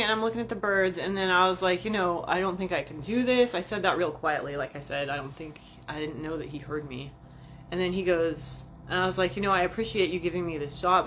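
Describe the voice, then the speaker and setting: A woman's voice: on the low side, a bit bright, a little hiss or hum. A woman vlogger chatting casually and profanely on a livestream, rambling and talking to viewers like friends.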